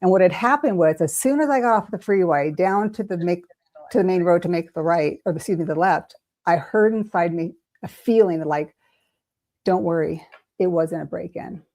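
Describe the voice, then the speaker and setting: A woman's voice: fairly low pitch, moderate pace. An older woman, an intuitive reader, telling a personal story in an interview and acting out the voices she quotes. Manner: animated, acts out quoted voices.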